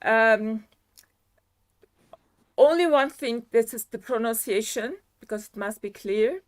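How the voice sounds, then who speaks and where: A French woman judging an audition, talking slowly and pausing often to find her words. Her voice sits a little high for a woman, and she stays firm when she is interrupted. She is speaking over a video call. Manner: hesitant, many fillers, firm. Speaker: audition judge. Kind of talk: critique of a singer.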